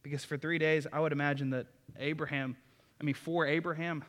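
A man's voice: fairly high pitch, fairly even intonation, a little fast, fairly bright tone, long reverb tail. A man preaching a sermon in a folksy, enthusiastic way, with asides to the congregation. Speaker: pastor.

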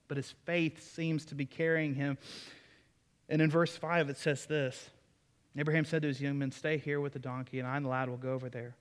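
A man's voice: on the high side, normal speed, big-room sound. A man preaching a sermon in a folksy, enthusiastic way, with asides to the congregation. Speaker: pastor.

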